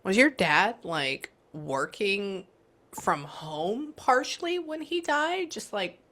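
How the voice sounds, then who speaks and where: A woman giving a psychic reading, thinking aloud and often pausing to say hang on. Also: mid-range voice, big pitch swings, fairly bright tone. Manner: chatty, thinks aloud, keeps saying "hang on". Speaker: psychic medium. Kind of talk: live reading session.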